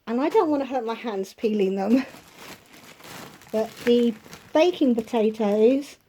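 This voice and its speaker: Chatty woman with a mellow voice. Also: fairly high pitch, unhurried, a little hiss or hum. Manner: rambling, with chatty asides. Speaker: vlogger showing a grocery haul. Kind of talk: casual chatty haul video. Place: home kitchen.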